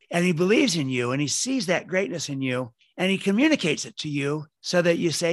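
A man's voice: a little high, expressive, fairly quick, few pauses, dry recording. Male author guest, earnest storyteller, close dry mic. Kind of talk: podcast interview.

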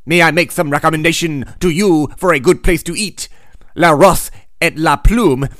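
A man doing an exaggerated French accent as a smooth-talking male street vendor in a comic recap. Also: fairly high pitch, normal speed, fairly bright tone, no echo, clean studio sound, natural voice. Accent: French, put on.

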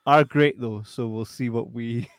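A man's voice: medium pitch, fairly even intonation, unhurried, clear, resonant tone, dry recording. A man with a Scottish accent hosting a casual live stream, reading out chat messages with lots of laughter and banter. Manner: banters, laughs often, swears.

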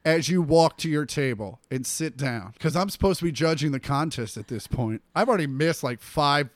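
This man is a comedian spinning a tale on a podcast, jumping into voices for everyone in the story. His voice sits a touch high for a man, and the sound is close and dry with no room around it. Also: moderate pace, no room sound. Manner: animated storyteller acting out quotes. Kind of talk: casual storytelling chat.

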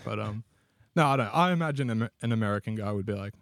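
A man's voice: fairly low pitch, animated, fast, no echo, clean studio sound. An Australian man co-hosting a podcast, telling rambling jokes and laughing often in casual chat. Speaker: podcast co-host.

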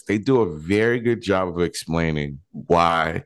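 A man's voice: sits low, measured pace, hardly any pauses. A man co-hosting a casual film podcast, talking bluntly and swearing freely. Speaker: podcast co-host.

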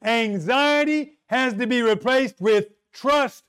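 High-voiced, slow-preaching man. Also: fairly bright tone, clear, resonant tone. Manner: slow, emphatic preaching with dramatic pauses and rhetorical questions. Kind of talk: sermon.

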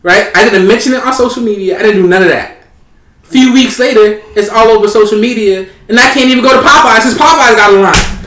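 A man with a high, bright voice holds the floor in a casual podcast chat. He tells his story as an animated rant, and the room around him rings with echo. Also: quick pace. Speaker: podcast co-host. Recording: roomy echo.

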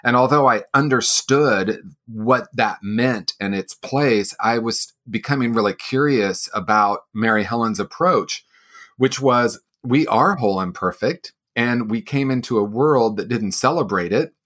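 A man's voice: mid-range voice, measured pace, fairly bright tone. A man in his sixties speaking earnestly and personally as an interview guest, with occasional light laughs. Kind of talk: reflective interview answers.

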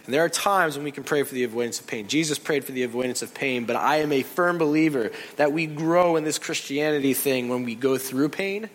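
A male pastor preaching a sermon in an animated way, acting out other people's voices and reactions. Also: mid-range voice, a little fast, hardly any pauses, slight background noise, low-quality recording.

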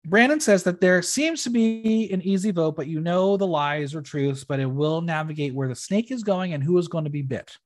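A man hosting a casual podcast, recapping a reality show in an opinionated, expressive way and swearing freely. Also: on the high side, normal speed, hardly any pauses.

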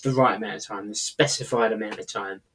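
Husky man in easy chat. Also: fairly low pitch, steady tone, fast talker, fairly bright tone. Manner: short, easygoing replies. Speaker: podcast co-host. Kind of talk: casual chat.

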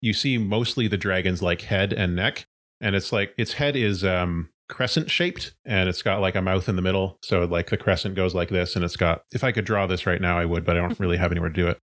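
A man's voice: deep voice, fairly quick, a bit bright. A man narrating as game master of a tabletop role-playing game, describing scenes in a loose, searching way with plenty of fillers.

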